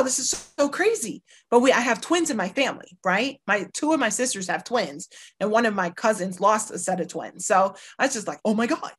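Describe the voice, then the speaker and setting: A woman's voice: a little high, husky. Emphatic middle-aged woman telling her story. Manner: emphatic, acts out quoted dialogue, peppers talk with "you know" and "right". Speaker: guest, lawyer. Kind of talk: candid personal storytelling.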